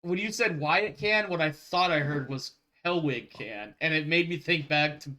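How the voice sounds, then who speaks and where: A man's voice: a little high, moderate pace, bright, forceful tone. A man running a tabletop game as game master, narrating loosely, laughing easily and rambling.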